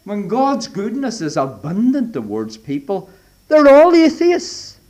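A man preaching a sermon, moving from emphatic declarations to hushed whispers, using old-fashioned scriptural phrasing. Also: high voice. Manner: dramatic swings from loud to whispered.

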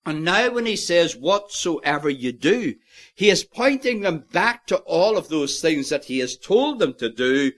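A man preaching an expository sermon, earnest and emphatic, quoting scripture in old-fashioned wording. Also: fairly high pitch.

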